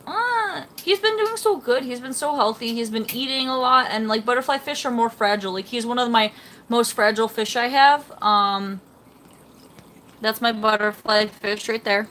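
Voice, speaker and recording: Young woman, livestreamer, chatty and rambling, slightly high voice, faint room noise. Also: moderate pace, a bit bright. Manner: rambling and chatty, reading out chat comments. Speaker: fish-keeping livestreamer. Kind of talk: casual live stream chat. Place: home, beside her fish tank.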